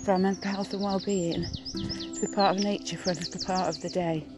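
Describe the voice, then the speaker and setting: Middle-aged woman host, soft-pitched, chatty and encouraging, breathless after a run, over a music bed. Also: fairly even intonation, fairly quick, poor audio. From Peak District, England. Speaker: podcast host. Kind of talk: casual outdoor podcast talk. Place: small wood outdoors, birds around, distant traffic.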